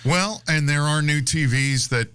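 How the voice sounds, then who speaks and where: A man's voice: on the high side, unhurried, bright, forceful tone, smooth, dry recording. A man co-hosting a casual radio talk show, mostly chiming in with short agreeing replies. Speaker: radio co-host.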